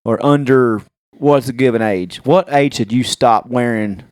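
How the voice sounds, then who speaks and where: Podcast co-host, man, mid pitch, dry close sound, animated storyteller. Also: measured pace, smooth, no echo. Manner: animated storyteller acting out quotes. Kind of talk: casual chat.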